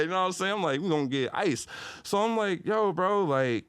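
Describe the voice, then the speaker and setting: Animated young man telling a story. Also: a little fast, clean tone, no room sound, studio quality. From Detroit. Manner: animated, slangy, swings into loud high-pitched retelling. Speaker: podcast guest. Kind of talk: casual storytelling.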